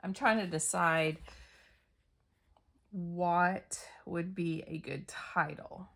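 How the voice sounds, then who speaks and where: A woman's voice: fairly low pitch, fairly even intonation, very slow, vocal fry, fairly bright tone. A middle-aged woman chatting casually and laughing at herself as she talks through a scrapbook layout. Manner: chatty, self-deprecating, thinking aloud while working. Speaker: scrapbooking crafter. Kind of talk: casual craft process narration.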